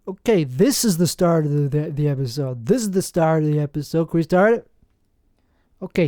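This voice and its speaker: A man's voice: sits high, a little mellow, clean tone, dry recording. Rambling sarcastic man, dry sound. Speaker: podcast host. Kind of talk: solo podcast rant.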